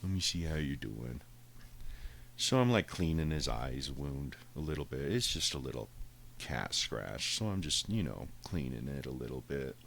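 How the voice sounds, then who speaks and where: A man's voice: a bass voice, big pitch swings, normal speed, creaky, a bit bright, slight background noise. A man on a podcast telling a rambling, profane story in a casual way, full of swearing. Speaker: podcast host.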